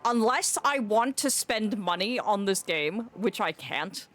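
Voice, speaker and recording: Lively woman streamer over faint music. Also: mid-range voice, unhurried. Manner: animated, rambling, playful. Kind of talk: casual gameplay commentary.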